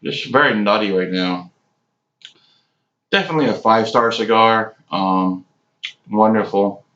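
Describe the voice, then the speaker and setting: A man in his late forties giving a casual, rambling cigar review, halting often with ums. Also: fairly low pitch, bright, forceful tone. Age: 40s. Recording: echoey room, dull lo-fi sound.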